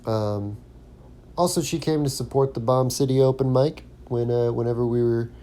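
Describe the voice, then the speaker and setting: A man's voice: mid-range voice, steady tone, normal speed, dark tone, a little hiss or hum. A man hosting his own podcast as a stand-up comic, talking through a casual solo monologue with plenty of ums and restarts. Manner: rambling, lots of ums and restarts.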